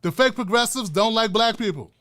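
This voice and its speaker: A man's voice: high voice, animated, a little fast, a bit bright. An older man hosting a profane, fiery political rant with a preacher-like cadence. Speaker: political commentator host. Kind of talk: ranting political commentary.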